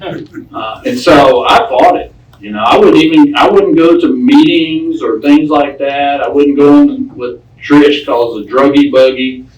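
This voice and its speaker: A man's voice: lowish voice, recorded from a distance, slight background noise. A man sharing his recovery story with a group in a folksy, plain-spoken way, often repeating his words. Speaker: recovery speaker. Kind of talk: personal recovery talk to a group. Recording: echoey room, speaker off-mic.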